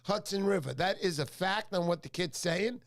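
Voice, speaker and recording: With vocal fry in his high voice, a middle-aged man hosts a laid-back fishing livestream from his home. He talks at a moderate pace, chatting, cracking jokes, and calling out viewers by name.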